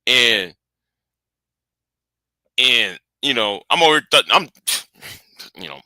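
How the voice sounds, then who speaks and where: This is a man in his early forties who rambles casually to his viewers from home, repeating words as he goes. His voice has a very bright tone. The sound is dry and close, with almost no room echo. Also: mid-range voice, animated, slow. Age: early 40s. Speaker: channel host. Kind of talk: casual livestream chat with viewers.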